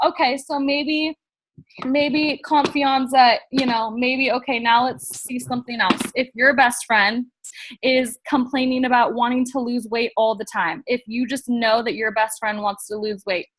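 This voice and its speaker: An upbeat woman with a fairly high voice runs a training talk for new sellers. She addresses the group directly and leans hard on her key points. The sound is close and dry. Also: flat delivery, a little slow, no room sound. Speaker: sales trainer.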